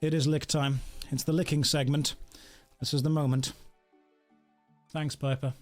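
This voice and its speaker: On a game livestream, a man chats with viewers and his dog in a jokey, casual way. His voice is on the high side with a level tone at normal speed, and soft music plays in the background.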